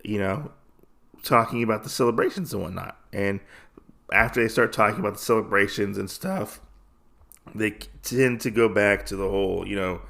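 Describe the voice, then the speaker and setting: Man, podcast host, casual comic recap, gravelly, rambling with fillers. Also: lowish voice, normal speed, fairly bright tone. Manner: rambling, many fillers and restarts.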